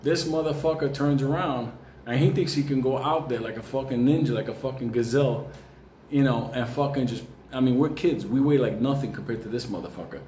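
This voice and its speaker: A man tells a comic story in a profane, animated way, laughing often. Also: medium pitch, brisk, a little hiss or hum. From New York. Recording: roomy with faint ambience.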